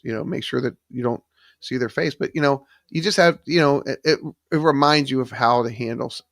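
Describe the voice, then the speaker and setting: A man with a gravelly, mid-range voice hosts a live trivia stream from his home studio, reading viewers' chat answers and names aloud with lots of ums and other fillers. He uses a studio microphone, and the recording has no echo.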